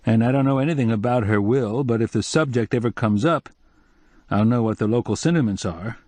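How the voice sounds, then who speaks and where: A man's voice: mid-range voice, fairly quick, darkish tone, no echo, lightly acted. A man voicing a wry, curious newspaper reporter in an audiobook, in a dry recording.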